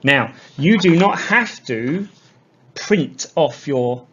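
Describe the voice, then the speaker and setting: A man teaching an English lesson to young learners, explaining slowly and repeating key words. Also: fairly high pitch, expressive, a bit bright, a little hiss or hum. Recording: dull lo-fi sound.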